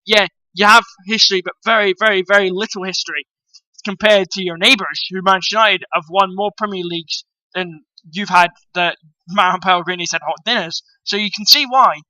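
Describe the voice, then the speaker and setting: High, bright-voiced ranting football vlogger man. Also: fairly even intonation, a little fast, no room sound, rough recording. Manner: blunt, ranting, swears freely; addresses viewers as guys. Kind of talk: opinionated transfer-news rant.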